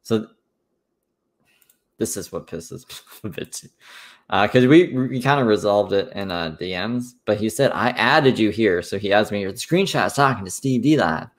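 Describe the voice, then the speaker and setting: A man's voice: on the low side, lively intonation, normal speed. A man streamer recounting online drama in casual, rambling commentary, swearing freely.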